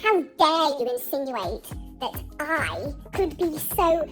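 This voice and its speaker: A woman voicing her own shrill, indignant inner voice, mocking and sarcastic. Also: lively intonation, normal speed, faint music behind.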